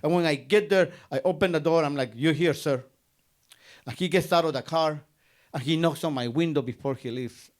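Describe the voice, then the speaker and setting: A man's voice: on the high side, fairly quick. A man from Guatemala, telling a personal story on stage and acting out both sides of a conversation.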